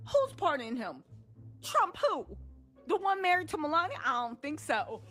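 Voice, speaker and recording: A woman's voice: sits high, moderate pace, faint music behind. A woman commenting on celebrity gossip, telling it like a story and acting out the people she quotes. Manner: animated storytelling, acts out quoted voices.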